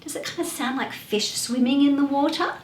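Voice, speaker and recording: A woman's voice: high-pitched, fairly quick, roomy sound, slight background noise. A woman hosting a children's music class, asking playful questions in a sing-song way.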